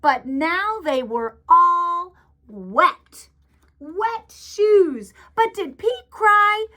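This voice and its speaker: Bright, high-voiced woman reading to kids. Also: drawn-out words. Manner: animated, asks children questions. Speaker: teacher. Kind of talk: reading a picture book aloud to children.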